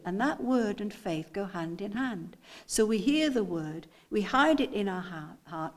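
A woman preaching a sermon, reading scripture slowly with emphasis and asking her listeners rhetorical questions. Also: medium pitch, darkish tone. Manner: slow, deliberate delivery with emphatic scripture readings. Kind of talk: sermon teaching.

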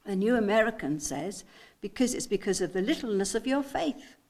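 A woman preaching a sermon, reading scripture slowly with emphasis and asking her listeners rhetorical questions. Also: medium pitch, expressive, darkish tone. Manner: slow, deliberate delivery with emphatic scripture readings. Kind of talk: sermon teaching.

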